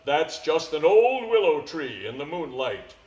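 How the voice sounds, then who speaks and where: A man voicing a father who calmly brushes off his son's fears, in an echoey concert hall. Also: on the high side, a little slow, pitched below the performer's own voice. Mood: dismissive. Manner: soothing, dismissive. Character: calm reassuring father on horseback.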